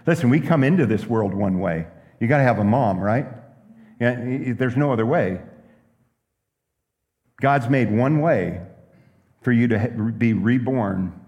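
A pastor preaching a sermon, telling stories and asking the room questions. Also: male voice, medium pitch, long reverb tail. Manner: lively preaching with stories and asides.

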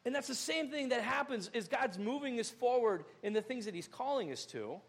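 A young male pastor preaching a sermon in a church, animated and acting out scenes with sudden loud outbursts. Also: very high voice, a little fast.

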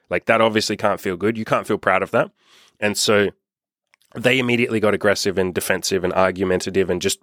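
A man's voice: fairly low pitch, a bit bright, no room sound, clean studio sound. A young Australian man coaching in a blunt, profane, casual monologue. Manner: blunt, profane, repetitive emphasis. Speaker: self-help coach.

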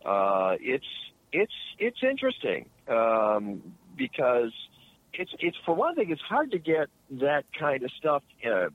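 A man's voice: mid-range voice, wildly swooping pitch, slow. A middle-aged man, a longtime radio host, chatting casually and rambling with many restarts and fillers. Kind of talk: casual chat. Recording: dry tinny phone line.

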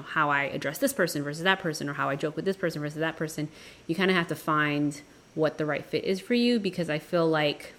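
A woman co-hosting a podcast, chatting casually and weighing her words as she argues a point. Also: low voice. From New York. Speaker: podcast co-host. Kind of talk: casual debate chat.

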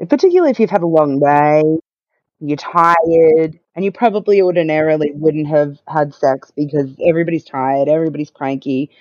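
A woman's voice: low-pitched, normal speed, darkish tone, no room sound. A woman guest on a podcast, telling her own story in a candid, matter-of-fact way with a wry edge. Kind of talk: casual conversational storytelling. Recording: dull lo-fi dry sound.

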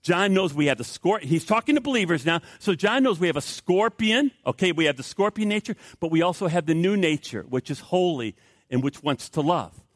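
A man's voice: on the high side, expressive, brisk, no room sound, clean studio sound. A middle-aged male pastor preaching a sermon in an emphatic, repetitive way with rising outbursts.

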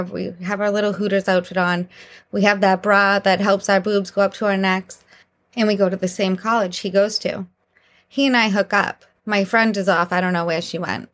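A young woman hosting a podcast, telling candid dating stories in a casual, animated way and laughing through them. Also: mid-range voice. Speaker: podcast host. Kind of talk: casual storytelling monologue.

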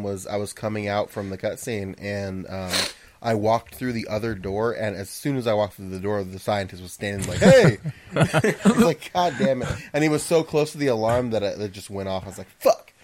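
A man on a gaming podcast telling an animated story full of exclamations. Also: on the low side, brisk. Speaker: podcast co-host. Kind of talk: casual gaming chat.

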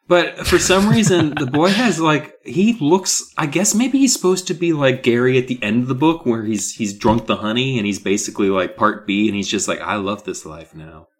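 A man co-hosting a casual chat podcast, talking in exasperated, sarcastic banter. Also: fairly low pitch. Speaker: podcast co-host.

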